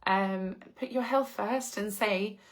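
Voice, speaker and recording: A woman's voice: medium pitch, takes it slowly. A woman from England with an English accent, hosting a casual live stream, reading out viewer comments and answering in a gushing way with frequent laughs. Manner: effusive, gushing, laughs often.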